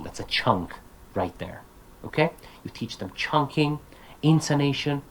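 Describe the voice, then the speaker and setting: Animated man giving a teaching talk. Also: fairly high pitch, a little slow, slight background noise, rough recording. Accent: Turkish. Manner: animated, acts out student speech and intonation. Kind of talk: lively conference talk.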